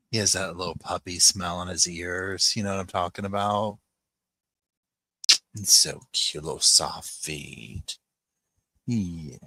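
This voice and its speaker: A low-pitched man chats casually on a home livestream, often dropping into soft cooing as he fusses over his puppies. His voice is bright and forceful, and the sound is close and dry. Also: no room sound. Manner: chatty, coos softly to his puppies. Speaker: livestream host.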